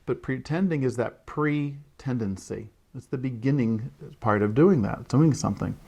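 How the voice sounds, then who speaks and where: A man's voice: medium pitch, normal speed, gravelly, a little mellow, breathy edge. Man explaining early writing to parents. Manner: explains with frequent "right?" check-ins and modeled child-directed lines. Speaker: early childhood literacy educator. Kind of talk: instructional talk to parents.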